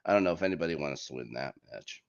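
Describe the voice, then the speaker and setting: On a muffled, lo-fi recording, a football podcast host with a bass voice and vocal fry talks very fast. He keeps things lively and full of jokes while running through this week's fixtures in casual sports chat.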